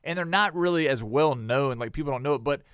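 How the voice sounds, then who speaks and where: A young man with a drawl hosts a laid-back podcast, rambling and excited, full of fillers. His voice sits a little high, and the recording is dry and close. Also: fast talker, clean tone, no echo. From South Carolina. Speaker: podcast host. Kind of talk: casual chat.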